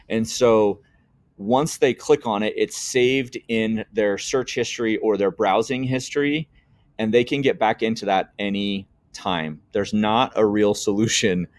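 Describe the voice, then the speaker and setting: A middle-aged man, an educator, talks through a software tutorial on his own channel. His voice sits fairly low, and he speaks earnestly and from the heart, often restarting his sentences. The sound is dry and close, with no room around it. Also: dry recording. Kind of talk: screen-share software tutorial.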